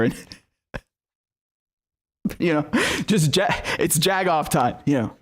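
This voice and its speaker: A man's voice: a little high, very slow, long pauses. A male political commentator delivering a profane, sarcastic and exasperated solo rant.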